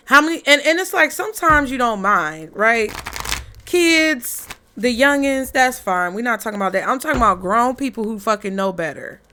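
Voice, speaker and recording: A woman's voice: fairly high pitch, animated, moderate pace, bright, forceful tone, slight background noise. A woman giving a casual tarot reading in a blunt, profane, fired-up motivational way. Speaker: tarot reader.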